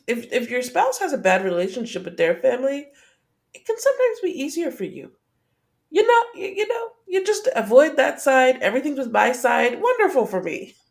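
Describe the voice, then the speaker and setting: A woman co-hosting a podcast, adding dry, wry asides in casual chat. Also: high voice. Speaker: podcast co-host.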